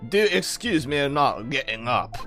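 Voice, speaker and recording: A man's voice: medium pitch, sing-song, unhurried, a bit bright, faint music behind. A man doing a blustering retired old soldier. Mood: pompous. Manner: blustering, hearty upper-class bluster.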